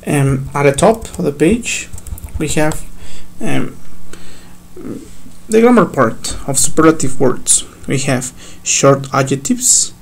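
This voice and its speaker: A man whose first language is Spanish, teaching an English grammar lesson slowly, step by step, with fillers. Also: on the high side, lively intonation, vocal fry, a little hiss or hum. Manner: slow, step-by-step explaining with fillers.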